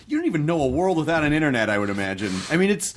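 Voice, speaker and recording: An American man hosting a podcast, chatting casually and jokingly with his guest, with quick asides. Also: on the high side, sing-song, slight background noise. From United States. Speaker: podcast host. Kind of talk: casual interview chat.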